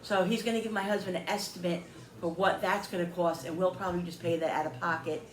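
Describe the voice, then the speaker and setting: A woman vlogger casually retelling a frustrating phone call, animated and heated, quoting both sides. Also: fairly low pitch, fast talker, reverberant, a little hiss or hum. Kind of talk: casual storytelling to camera.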